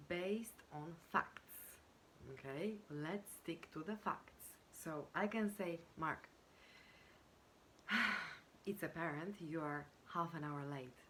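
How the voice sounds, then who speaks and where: A woman coaching on communication, explaining step by step in a measured way with frequent pauses and fillers, now and then acting out example sentences. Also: low-pitched, a bit bright, a little hiss or hum. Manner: measured, pausing with fillers, acts out example phrases. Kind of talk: explanatory teaching talk.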